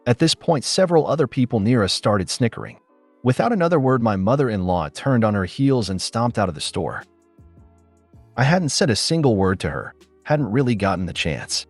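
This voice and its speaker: A man's voice: mid-range voice, normal speed, no room sound. A man narrating online stories and comments as a scripted read. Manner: lively storytelling reading. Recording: dry voice-over with faint music.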